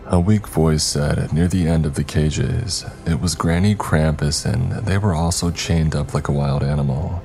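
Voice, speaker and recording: Deep dude narrating a creepy story, steady and a bit wry, faint music under it. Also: male voice, a little slow, vocal fry, few pauses. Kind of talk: scripted narration of a horror story.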